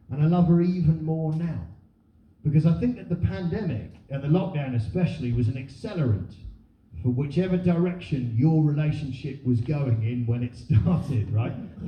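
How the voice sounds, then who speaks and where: Sardonic, animated British stand-up comedian. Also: male voice, a little high. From Britain. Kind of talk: live stand-up set. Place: comedy venue with audience. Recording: roomy live venue miked from far, dull.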